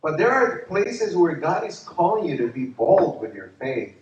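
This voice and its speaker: Guy pastor telling stories in a sermon, kinda high voice, super lively, far off mic in a big echoey room, muffled. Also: normal speed. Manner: animated, laughs through his stories. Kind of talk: storytelling sermon.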